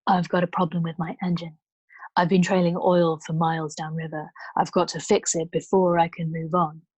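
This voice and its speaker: A woman voicing an insolent, laid-back male river traveller who talks low and dismissively, half whispering. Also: level tone, moderate pace, a little mellow, slightly rough, dry recording.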